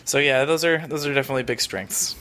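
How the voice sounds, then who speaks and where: Bright-voiced podcast co-host, a man. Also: medium pitch, fast. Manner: earnest, stammers on starts. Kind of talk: casual chat.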